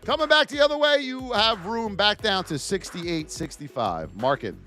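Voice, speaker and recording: A man hosting a live trading lesson, loud and joking, calling out viewers by name as he reads off price levels. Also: sits high, very animated, moderate pace, faint music behind. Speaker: trading educator and livestream host. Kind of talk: energetic live market commentary.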